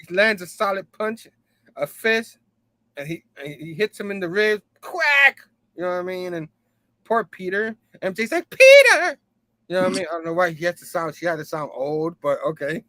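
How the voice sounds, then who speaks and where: A man with a high, fairly bright voice speaks a little fast on a dry recording. He's feeling hot and sipping a drink as he loosely recaps a comic, paraphrasing dialogue and playing out the characters, laughing often and peppering in "you know what I mean."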